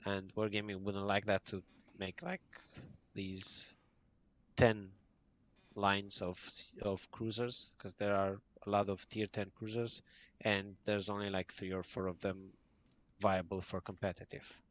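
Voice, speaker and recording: A man's voice: lowish voice, level tone, a little slow, fairly bright tone. A man as a podcast guest, earnestly explaining game tactics in casual chat.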